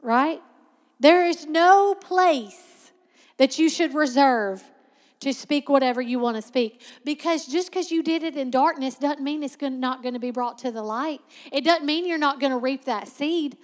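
A woman with a high voice preaches a sermon as a Bible teacher, her words ringing through a big room. She's conversational yet emphatic, slowing down sharply to stress key words.

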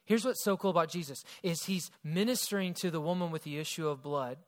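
Man, high voice, preaching a sermon, emphatic, loud and hushed by turns. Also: fairly quick. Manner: storytelling with acted quotes, emphatic swings from loud to hushed. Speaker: pastor.

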